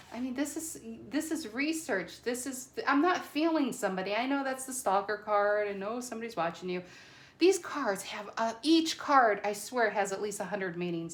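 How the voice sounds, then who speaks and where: A woman doing a casual tarot reading to camera, chatty and excitable, a little nervous and stumbling over her words. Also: mid-range voice. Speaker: tarot reader.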